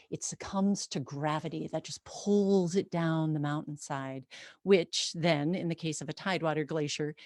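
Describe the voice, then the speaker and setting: Expressive woman storyteller, lowish voice. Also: no echo, clean studio sound. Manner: expressive, vivid, conversational. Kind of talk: personal storytelling.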